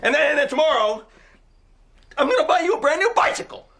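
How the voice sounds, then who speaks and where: An actor playing an excitable, insecure middle-aged father in a sitcom, stammering and emotional, prone to loud outbursts. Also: very high voice, quick pace, vocal fry, exaggerated voice. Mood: exasperated. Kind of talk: sitcom acting.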